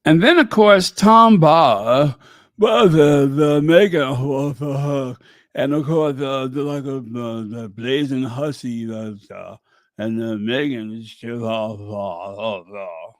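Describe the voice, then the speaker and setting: Male host doing slow, sarcastic commentary, mocking and rambling, in a dry booth. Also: medium pitch, dry recording. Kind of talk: casual commentary.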